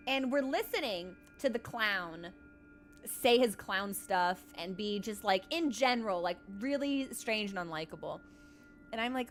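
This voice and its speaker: A woman streaming a game, chatting casually and telling animated stories full of "like" and quick laughs. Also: a little high, faint music behind. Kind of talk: casual live-stream chat.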